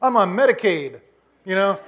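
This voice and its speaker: Comic stubborn old man Abraham, put on by a man, high and loud, waving off the idea. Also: big pitch swings, normal speed. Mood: incredulous. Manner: incredulous, comic.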